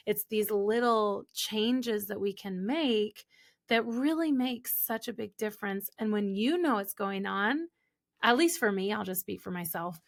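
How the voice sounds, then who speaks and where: A woman's voice: medium pitch, gravelly. Young woman guest, a coach on a podcast. Talks candidly and with animation, in a middling voice. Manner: animated, quick and candid, acting out quoted remarks. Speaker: guest, holistic business coach. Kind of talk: casual podcast conversation.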